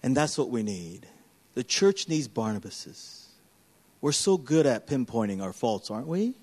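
A man, a pastor, preaching an animated sermon that swings from loud, emphatic passages to hushed, quiet ones. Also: medium pitch, measured pace.

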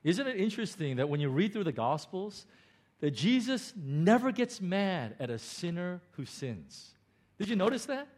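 A middle-aged male pastor preaching a sermon in a church, animated and excited, with frequent stammering restarts as he builds emphasis. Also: high-pitched, moderate pace. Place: church in Hong Kong.

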